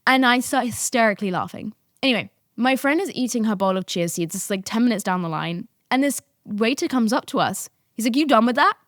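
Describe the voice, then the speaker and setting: Animated woman telling a story. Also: fairly high pitch, fairly quick, dry recording, clean studio sound. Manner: animated, swearing, breaking into laughter. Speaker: podcast host. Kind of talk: casual storytelling monologue.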